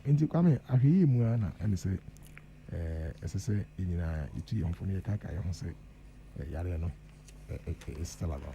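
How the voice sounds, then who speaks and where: A man's voice: on the low side, mellow, highs cut off, slight background noise. A Ghanaian man speaking as the guest professor on a radio panel, earnest and emphatic, switching between Twi and English. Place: radio studio.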